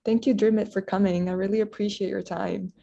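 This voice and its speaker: A woman's voice: medium pitch, fairly even intonation, brisk, gravelly, mellow, dull audio. A young woman hosting a student podcast, chatting casually with lots of "like" fillers. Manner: casual, filler-heavy with many "like"s.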